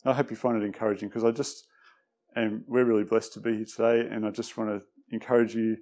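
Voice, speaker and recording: A man giving a conversational sermon with many pauses and fillers, sometimes dropping quiet. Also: on the low side. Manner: relaxed, hesitant, many fillers; tends to drop quiet. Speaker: preacher. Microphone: microphone.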